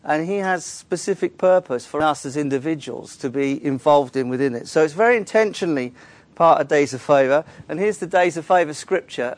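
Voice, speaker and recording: An earnest male pastor delivers a sermon in a church, his voice sitting a little higher than most men's. He works through scripture aloud, often restarting phrases mid-thought. The recording is close and dry, with little room sound. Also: no room sound.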